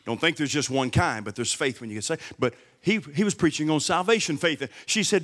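Man preaching, middle-aged, high bright voice, long hall reverb. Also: quick pace, hardly any pauses. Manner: emphatic, repeating key words, calling on the congregation. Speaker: guest pastor. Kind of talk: sermon. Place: church sanctuary.

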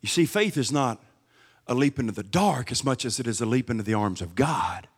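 A man's voice: mid-range voice, lively intonation, a little fast, husky, in a large hall. A middle-aged man preaching a sermon, emphatic and repeating key words to the congregation. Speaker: guest pastor. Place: church sanctuary.

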